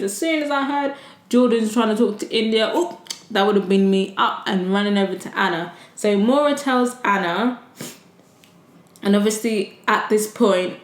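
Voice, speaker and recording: A woman hosting a podcast and recapping a reality show episode in casual, animated chat, swearing freely. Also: medium pitch, reverberant. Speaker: podcast host. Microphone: desktop USB mic.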